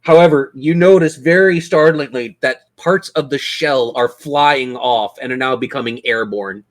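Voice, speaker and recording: A game master running a tabletop session in a mid-pitched voice. The delivery is playful and full of laughter, and it slows down and stretches out the dramatic narration.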